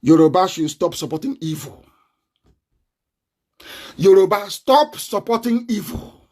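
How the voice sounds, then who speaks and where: A man with a Nigerian accent giving a combative live online broadcast, laughing often and breaking into shouts. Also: high voice, lively intonation, unhurried.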